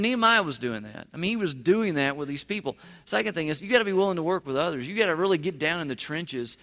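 A man's voice: on the high side, animated, quick pace, few pauses, a bit bright, big-room sound. A man preaching a sermon, emphatic, repeating phrases and putting questions to the congregation. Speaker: pastor.

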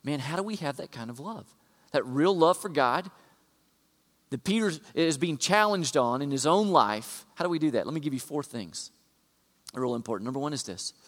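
A man preaching a sermon, shifting from quiet conversational asides to loud, emphatic repetitions. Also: a little high, expressive, moderate pace. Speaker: pastor. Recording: long hall reverb.

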